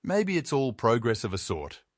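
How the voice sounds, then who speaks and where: A man reading a literary essay aloud in a measured, wry way. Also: medium pitch, huge pitch swings, no echo, clean studio sound. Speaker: essay reader.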